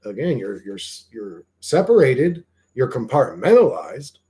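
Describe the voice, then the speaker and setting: A man's voice: medium pitch, lively intonation, moderate pace, darkish tone. Casting: male streamer, casual off-the-cuff chat, mid-range voice, loose and meandering, casual swearing. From Greek heritage. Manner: rambling, swears casually, trails off with fillers. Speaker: livestream host. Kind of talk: casual rambling livestream chat.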